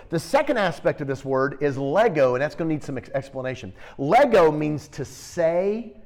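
A middle-aged man preaching a sermon, teaching with animated, emphatic bursts and storytelling. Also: a little high.

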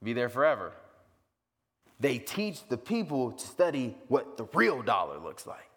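Man, pastor preaching, lively swinging pitch, echoing church hall. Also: unhurried. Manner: animated, jumps to high excited pitch for emphasis. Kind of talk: sermon. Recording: long reverb of a large hall.

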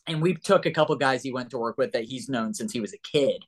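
A man who is a guest on a casual chat show, telling stories in a rambling, animated way with swearing and restarts. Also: medium pitch, fast talker.

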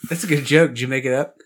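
A man co-hosting a casual podcast, goofy and laughing often, making silly puns. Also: mid-range voice. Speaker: podcast co-host. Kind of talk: casual banter.

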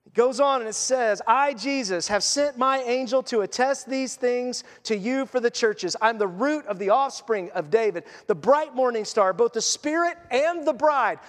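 A middle-aged man preaching a sermon as pastor, animated and acting out the voices in his quotes. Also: extremely high pitch, moderate pace, hardly any pauses, in a large hall. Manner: animated, acts out quotes, restarts often.

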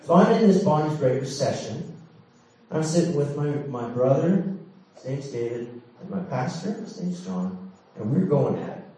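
A man's voice: fairly high pitch, big pitch swings, moderate pace, mellow. A middle-aged man preaching, telling a candid personal story with laughs and dramatic swings. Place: large church hall. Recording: echoey hall, mic from far off.

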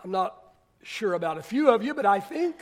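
A male pastor preaching a sermon, repeating phrases for emphasis, shouting some lines and dropping others to a near murmur. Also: high voice, big pitch swings, brisk.

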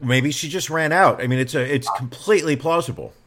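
A man co-hosting a casual podcast, riffing and joking with quick one-liners. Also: medium pitch, fairly bright tone, slight background noise. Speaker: podcast co-host. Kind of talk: casual banter.

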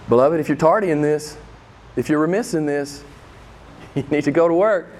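A male pastor delivering a sermon in a high-pitched voice. He preaches with fervor, doubling back on phrases to drive them home. His delivery swings between loud, emphatic bursts and slow, quieter lines. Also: slight background noise.

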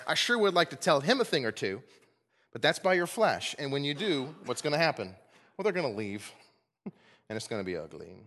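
Male pastor, sermon delivery, very animated pitch, echoing sanctuary. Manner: animated, swings from emphatic highs to soft low asides. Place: church sanctuary.

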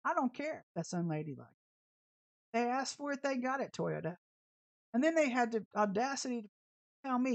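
Sassy woman preaching, higher voice. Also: very animated, normal speed, vocal fry, pauses often, dry recording. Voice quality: brash, sassy, emphatic. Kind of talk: informal online sermon with storytelling.

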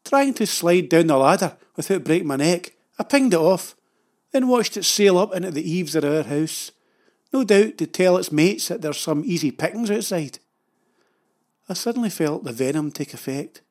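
A man's voice: sits high, lively intonation, normal speed. Wry Scottish man telling a story. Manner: dry, wry, self-mocking. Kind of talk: humorous storytelling narration.

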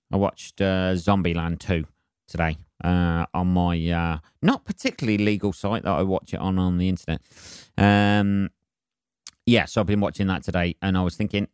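A man's voice: sits low, clean tone, no room sound, clean studio sound. A man, hosting a solo podcast and rambling in a sardonic, sweary way with lots of ums and uhs. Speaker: podcast host.

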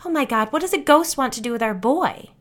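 A woman narrator voicing a frightened mother who pleads anxiously in a higher, rising voice. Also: brisk, darkish tone, close to an everyday voice.

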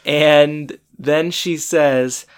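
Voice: mid-range voice, extremely slow, smooth. A co-host casually retelling TV scenes and acting out the characters' lines. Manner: animated, acts out quoted lines in put-on voices. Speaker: podcast co-host recapping a TV episode. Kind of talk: casual chat.

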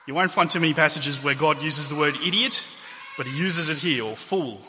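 A man's voice: a little high, brisk, sharp tone, slight background noise. A man preaching a sermon in a conversational way, with asides and self-corrections. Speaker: pastor. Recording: long hall reverb.

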